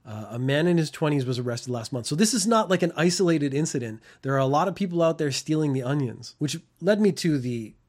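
A man's voice: on the high side, expressive, quick pace, few pauses, darkish tone. A man in his fifties giving casual commentary on news stories, wry and rambling, laughing at his own tangents. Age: 50s.

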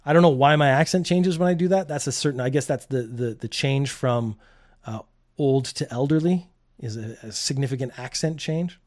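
With medium pitch and a moderate pace, this middle-aged host runs a comedic news commentary show. He tells the stories with wry sarcasm and laughs at his own gags.

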